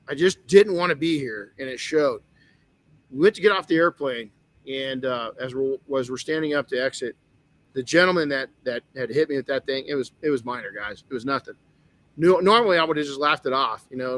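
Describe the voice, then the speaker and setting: A man's voice: medium pitch, fairly bright tone, dry recording. A man hosting a motivational podcast, telling a personal story candidly with frequent restarts. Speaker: podcast host.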